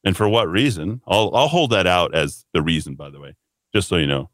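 A man's voice: deep voice, fairly quick, a bit bright, no echo. A man hosting a talk radio show, ranting bluntly and combatively in a monologue from a radio studio. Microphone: studio microphone.

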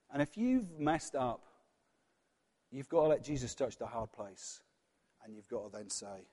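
A man preaching a sermon in a church, earnest and personal, dropping from loud passages to hushed ones. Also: mid-range voice, lively intonation, moderate pace, big-room sound.

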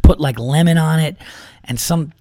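A man's voice: a little high, moderate pace, a little mellow, no room sound, studio quality. A man hosting a podcast, telling a long casual story in a rambling, profane way, full of fillers and restarts. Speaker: podcast host.

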